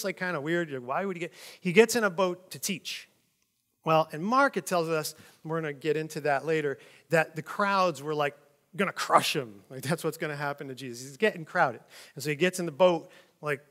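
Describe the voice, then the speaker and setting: A man teaching from the Bible in a relaxed, conversational way. He reads passages aloud and then explains them informally. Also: on the high side, brisk. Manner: conversational, with frequent "like" and "kinda". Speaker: preacher.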